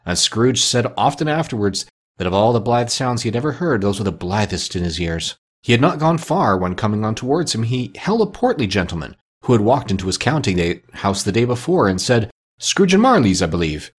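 A man narrating a classic story with a lively, expressive reading. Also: on the low side, a little fast, slightly rough.

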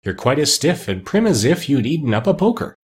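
A man's voice: medium pitch, sing-song, fairly quick, breathy edge, voice pushed up. A man voicing a jolly, saucy little china clown who speaks in rhymes, in a storybook reading. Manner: saucy, rhyming.

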